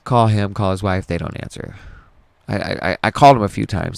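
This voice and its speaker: Gravelly low-voiced man telling a story. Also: brisk, dry recording. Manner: rambling, profane, with restarts. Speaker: podcast host. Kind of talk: casual storytelling monologue.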